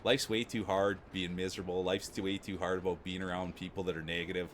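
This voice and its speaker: Streamer, male, Canadian prairie accent, rambling easygoing chat, slightly low register. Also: level tone, quick pace, slight background noise. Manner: rambling, laid-back, repeats himself. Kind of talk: casual chat with chat readers.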